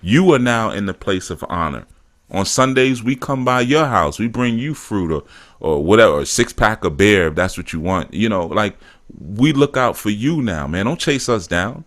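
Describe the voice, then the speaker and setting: A man's voice: fairly low pitch, animated, normal speed, a bit bright. A middle-aged man hosting a show, talking in loose casual storytelling, with a lot of "man" and "you know", and getting emphatic now and then. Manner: acts out quotes and grows emphatic. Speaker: spiritual teacher and show host. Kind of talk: casual talk-show monologue.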